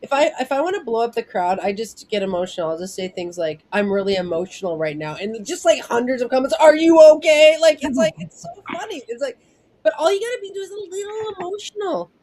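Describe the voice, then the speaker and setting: A woman's voice: sits high, big pitch swings, fast, darkish tone. A woman producer leading a casual planning meeting over a video call, talking in a chatty way with many fillers. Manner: chatty, full of "like" fillers, acts out quotes.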